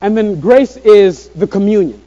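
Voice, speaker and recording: A man preaching a sermon to a room of listeners, earnest and slowing down on key phrases. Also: high-pitched, expressive, mellow, dull audio. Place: room with a congregation.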